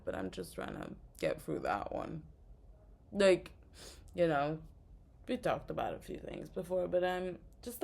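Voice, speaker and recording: A woman's voice: on the low side, gravelly. A woman vlogger in a casual, rambling rant, sounding tired and frustrated. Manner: rambling, frustrated, many fillers. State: tired, exhausted. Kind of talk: casual spoken rant to camera.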